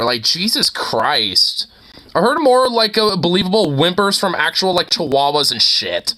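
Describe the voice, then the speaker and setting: A man streams himself reacting to a video, his voice sitting high and unhurried. His commentary is casual, animated and profane, an exasperated rant.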